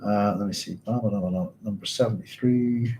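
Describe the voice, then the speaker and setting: A man's voice: lowish voice, steady tone, moderate pace, warm tone, slight background noise, poor audio. A man, hosting a book club, reads passages aloud and stops often to check his notes and apologise in a chatty way. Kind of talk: reading aloud with casual commentary.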